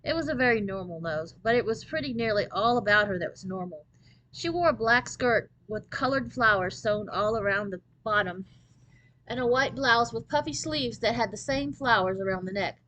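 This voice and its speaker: A woman's voice: a little high, lively intonation, normal speed, a bit bright, dull audio. A woman reading a children's novel aloud, narrating steadily and expressively in the first person. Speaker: storybook reader.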